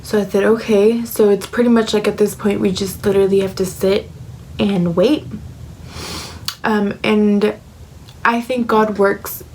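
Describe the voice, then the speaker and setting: A young woman in her twenties talks straight to her camera in a personal life update. Her voice sits at a middle pitch, and she leans heavily on "like" and "um" as she tells her story with open emotion. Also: fairly even intonation, measured pace, long pauses, a little mellow, slight background noise, rough recording. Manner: emotional, heavy filler words like "like" and "um". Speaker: vlogger.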